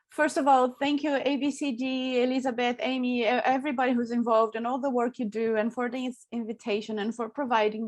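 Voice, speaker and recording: A woman from Brazil, a soprano speaking chattily on an online panel over a video call. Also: on the high side.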